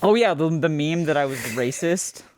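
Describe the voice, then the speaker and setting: A man's voice: fairly high pitch, lively intonation, normal speed, darkish tone. Rambling young man on a podcast. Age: young adult. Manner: rambling, trailing off in filler words. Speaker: podcast co-host. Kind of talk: casual chat.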